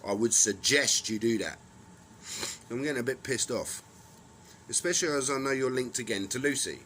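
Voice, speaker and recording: A man's voice: mid-range voice, expressive, moderate pace, a bit bright, slight background noise, poor audio. A man in a rambling monologue, ranting angrily and swearing as he accuses people. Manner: angry, profane, accusatory ranting.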